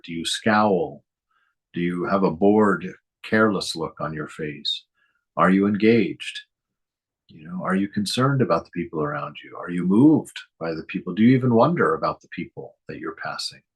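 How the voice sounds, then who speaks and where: A man giving a reflective spiritual talk as a teacher, speaking gently, asking many rhetorical questions and chuckling often. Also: sits low, husky.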